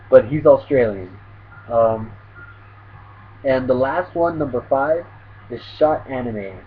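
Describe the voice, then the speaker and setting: A man's voice: medium pitch, expressive, very slow, pauses often, narrow, tinny audio, a little hiss or hum. A man casually chatting through an anime tag video as a vlogger, rambling with lots of fillers.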